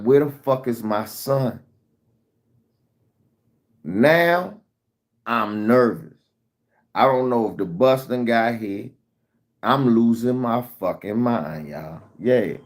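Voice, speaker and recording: Low-voiced man telling a frantic story. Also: a little slow. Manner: animated storytelling with heavy profanity. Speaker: vlogger. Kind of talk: casual storytime.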